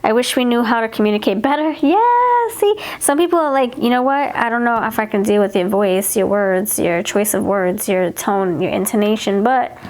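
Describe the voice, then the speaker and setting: A woman's voice: mid-range voice, moderate pace, few pauses, a little mellow. A woman giving a pick-a-card tarot reading, chatting casually, repeating herself and reading card messages aloud. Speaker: tarot reader.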